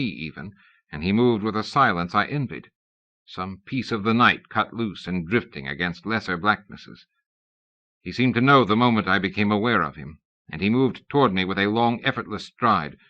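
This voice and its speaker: A man reading an audiobook, narrating in a measured, wry storytelling manner. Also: lowish voice, sharp tone. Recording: dull lo-fi cassette recording.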